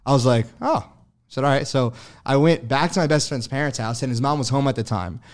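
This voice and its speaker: A man's voice: mid-range voice, brisk. A young man as an interview guest, telling his story loosely and profanely with many fillers and frequent chuckles.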